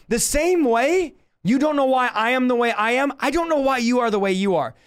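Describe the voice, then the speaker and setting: Fiery high-voiced preacher shouting. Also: male voice, clean tone. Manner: shouting, passionate, fast bursts. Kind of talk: fiery sermon.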